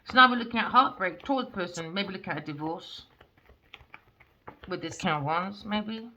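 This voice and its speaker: A woman's voice: medium pitch, normal speed, sharp tone, dull audio, a little hiss or hum. A woman giving a casual tarot reading, talking bluntly and animatedly and swearing freely. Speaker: tarot reader.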